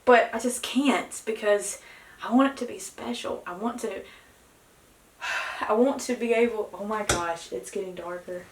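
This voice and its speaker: A young woman talks to camera in a casual home vlog, her voice slipping into gravelly fry. She sounds nervous and excited, breaking into gasped exclamations. The room is echoey with a faint hiss behind her. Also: mid-range voice, measured pace. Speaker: vlogger.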